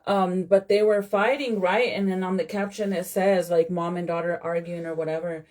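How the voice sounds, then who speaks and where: A woman's voice: fairly low pitch, steady tone, normal speed, darkish tone. A woman reacting to a video in casual commentary, blunt and fired up, swearing freely. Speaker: content creator reacting to a clip.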